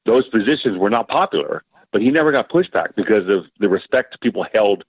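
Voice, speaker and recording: Give me a thoughtful man on a radio panel, low-pitched and dry. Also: expressive, slightly rough, no echo, poor audio. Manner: measured, thoughtful, with fillers. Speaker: UFO historian, guest. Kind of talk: casual roundtable discussion.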